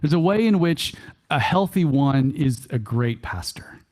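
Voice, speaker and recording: Animated male workshop speaker with a Texan accent. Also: on the high side, a little slow. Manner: animated, repeats key phrases for emphasis; chuckles often, folksy asides. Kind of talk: church workshop talk. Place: church hall.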